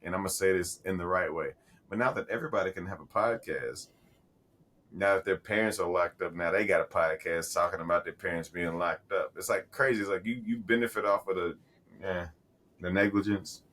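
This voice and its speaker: A man in his thirties co-hosting a podcast, his voice sitting very low. He talks loosely and with plenty of swearing, circling back and restarting his sentences as he tells a story. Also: a little fast, a bit bright, a little hiss or hum. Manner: profane, rambling storyteller with many restarts. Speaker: podcast co-host. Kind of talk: casual chat.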